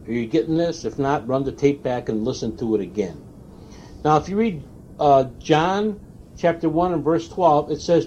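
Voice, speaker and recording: A man preaching a sermon, stressing single words and pausing for weight. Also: on the high side, darkish tone. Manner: emphatic, stressing single words with long pauses. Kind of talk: recorded sermon. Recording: dull lo-fi tape recording.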